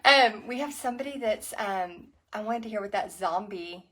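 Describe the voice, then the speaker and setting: A woman's voice: medium pitch, normal speed, a bit bright. A Texan woman leading a live-streamed painting lesson, chatty and giggly, greeting viewers by name as she paints. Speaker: paint party instructor.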